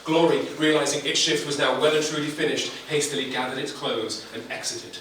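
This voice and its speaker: Man, slam poet, dramatic wry spoken word, slightly high voice, heavy hall echo. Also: fairly even intonation, a little fast. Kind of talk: performed comic spoken-word poetry. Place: live poetry slam venue. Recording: echoey live hall, distant, noisy.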